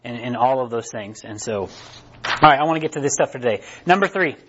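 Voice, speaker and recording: A man's voice: medium pitch, animated, fast, fairly bright tone, a little hiss or hum. Conversational male preacher, lo-fi sound. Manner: conversational, repeats "right?" often. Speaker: pastor. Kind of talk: sermon.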